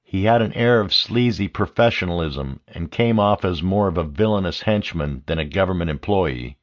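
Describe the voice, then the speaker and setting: A man narrating an audiobook in a steady, measured way. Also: deep voice. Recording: dull lo-fi audio.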